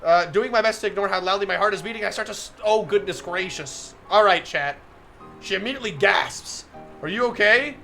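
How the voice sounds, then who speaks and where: Bright, gravelly-voiced male streamer. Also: sits high, brisk, soft background music. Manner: flustered, laughs often, breaks off to comment. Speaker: streamer reading a visual novel aloud. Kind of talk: live stream reading with commentary.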